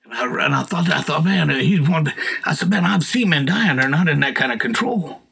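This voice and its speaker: Gravelly and husky yet fairly high-pitched, this middle-aged guest's voice is animated and moderately paced. He tells his personal testimony earnestly, like a folksy storyteller, rising at times to shouted appeals.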